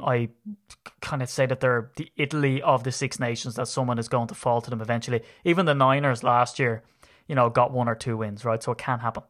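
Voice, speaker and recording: A man, hosting a casual sports podcast, chatty and quick to laugh. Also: medium pitch. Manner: chatty, laughing, animated banter. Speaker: podcast host.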